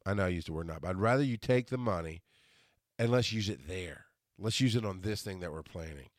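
A man in his forties hosts a podcast solo, rambling casually, often restarting and correcting himself, and getting animated when quoting others. His voice is low and a little fast, recorded with clean studio sound and no room sound.

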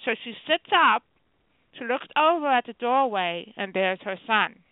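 A woman calls in as a guest author, telling a story in a lively, chatty way and acting out what each person said. Her voice comes through a thin, tinny phone line. The sound is dry, with no room around it. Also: fairly high pitch, moderate pace, no room sound. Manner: retells conversations in quoted voices, lively and chatty. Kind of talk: animated storytelling on a call-in radio show.

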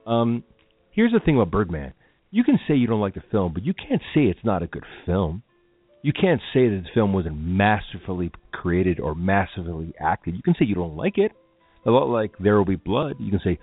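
A man's voice: sits low, sing-song, brisk, slightly rough. A man hosting a film talk show, speaking casually and with strong opinions, rambling through asides. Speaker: podcast host. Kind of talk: casual solo radio talk. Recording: tinny phone-like lo-fi audio with faint music.

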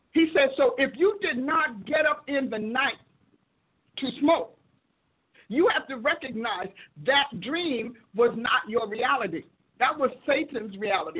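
A woman's voice: high voice, breathy edge. A woman preacher hosting her show, telling a personal testimony as teaching, acting out quoted dialogue and repeating phrases for emphasis. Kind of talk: testimony-driven teaching talk. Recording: tinny phone-like audio.

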